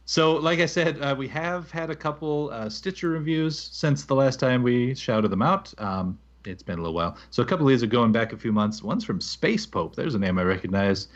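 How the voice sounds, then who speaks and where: A man co-hosting a gaming podcast, reading listener reviews aloud in a relaxed, rambling way with fillers. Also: mid-range voice, brisk, few pauses. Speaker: podcast co-host. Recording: slightly dull lo-fi audio.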